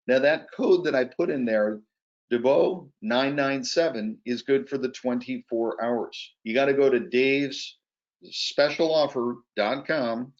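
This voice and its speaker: Punchy salesman man on a muffled call. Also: mid-range voice. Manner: energetic, urgent, persuasive. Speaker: guest presenter. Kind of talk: sales pitch on a webinar. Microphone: video call.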